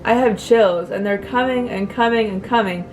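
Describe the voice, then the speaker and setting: A young woman speaking to her viewers in a personal vlog, emotional and close to tears, halting with many fillers and restarts. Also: medium pitch, soft background music. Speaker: vlogger.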